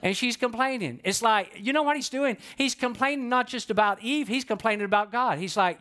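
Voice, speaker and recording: A man's voice: very high-pitched, brisk, hardly any pauses, pushed and bright. Man preaching a casual conversational sermon. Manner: conversational preaching with rhetorical questions and acted-out quotes. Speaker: pastor.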